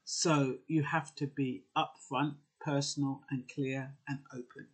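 A man's voice: mid-range voice, little pitch movement, a little slow, husky. A man giving earnest, conversational advice, with frequent fillers and restarts. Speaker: advice vlogger. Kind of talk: casual advice talk.

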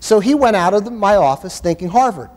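This keynote speaker talks fairly quickly in a high-pitched, expressive voice with a darkish tone, recounting stories emphatically and with passion. The setting is a university conference hall, and the recording carries long reverb from the room.

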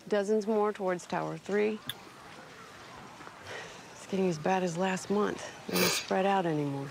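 A watchful, worried camp lookout with a heavily gravelly edge. He reports in short, urgent bursts. The sound comes from a show clip buried in loud background noise. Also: high-pitched, unhurried.

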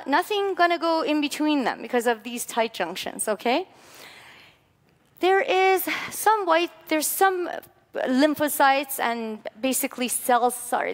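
Woman lecturer, high and animated, playful, in a lecture hall with a long echo. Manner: animated, playful, coaxing volunteers. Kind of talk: lively classroom lecture with demonstration.

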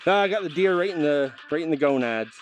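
A man's voice: a little high, animated, fast talker, muffled recording. A man commentating his VR gameplay, exasperated and ranting at the game with mild swearing. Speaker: gameplay host. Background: game music.

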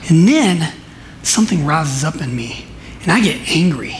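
A male pastor with a notably high voice delivers a sermon at a church service. He tells stories with strong emphasis, dropping into quiet asides and then rising to forceful declarations. A faint hiss sits under the recording. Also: sing-song, measured pace. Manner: emphatic storytelling, swings between soft asides and loud declarations.

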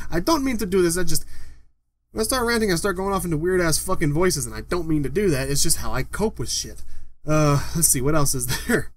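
A young man ranting in a home vlog from his bedroom, swearing a lot and breaking into loud outbursts. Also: fairly high pitch, animated, brisk. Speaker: vlogger. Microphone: desktop microphone.

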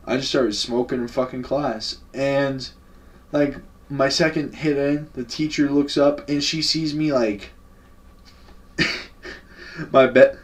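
A man's voice: medium pitch, fairly even intonation, unhurried. Laid-back, slangy young man, mic far off. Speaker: vlogger. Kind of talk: casual story time.

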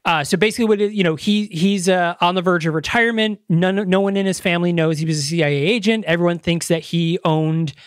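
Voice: medium pitch, fast, few pauses, no echo, studio quality. A podcast host in casual chat, rambling and enthusiastic, with frequent fillers, restarts and swearing.

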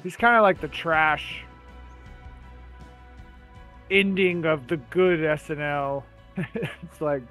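A man's voice: a little high, slow, pauses often, fairly bright tone, soft background music. A man streaming a game, chatting loosely with a friend, swearing and laughing easily. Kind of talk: casual gaming chat.

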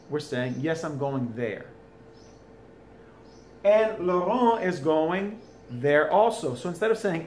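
A fairly high-voiced man walks through a French lesson at home, chatty and folksy. A faint hiss of background noise sits under his voice. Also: animated, a little slow. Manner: chatty, folksy asides between explanations. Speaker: French teacher. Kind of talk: recorded video lesson. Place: home, during school closure.

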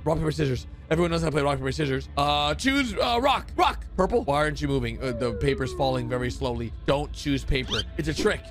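High, excitable young man narrating cartoons. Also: fast talker, hardly any pauses, music in the background. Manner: excitable, often shouting and gasping. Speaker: animation narrator.

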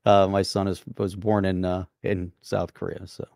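A man's voice: low voice, little pitch movement, normal speed, vocal fry, a little mellow, no room sound, studio quality. A man from the United States co-hosting a live podcast stream, easygoing and often laughing. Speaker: podcast co-host. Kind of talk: casual live-stream chat.

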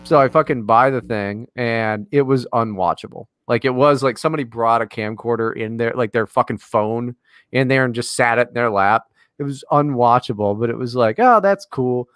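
A man's voice: medium pitch, moderate pace, smooth, no room sound, clean studio sound. A man co-hosting a podcast in casual chat, ranting and swearing with lots of energy. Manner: profane, ranting, animated. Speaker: podcast co-host.

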